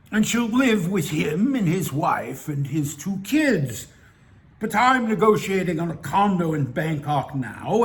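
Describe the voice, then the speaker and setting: A man's voice: fairly high pitch, exaggerated voice. A man voicing a lonely seventy-six-year-old man who talks in a hesitant, self-justifying way. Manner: hesitant, wheedling, protests too much.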